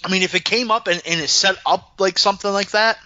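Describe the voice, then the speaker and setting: A man co-hosting a casual wrestling podcast, telling stories in an animated way and swearing freely. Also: high voice, quick pace, no echo, dull audio. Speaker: podcast co-host. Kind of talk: casual chat watching wrestling.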